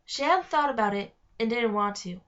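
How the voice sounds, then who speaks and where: A woman reading a children's novel aloud, careful and steady, with small slips. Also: fairly high pitch, normal speed, dull audio. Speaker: reader. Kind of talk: read-aloud narration.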